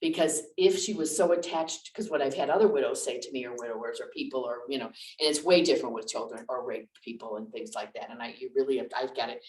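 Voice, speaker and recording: Very low-voiced chatty woman minister. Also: a little mellow. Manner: chatty, candid, frequent restarts and asides. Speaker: minister giving a lecture. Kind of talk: conversational lecture with personal stories. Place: church lecture room. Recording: echoey room, distant mic.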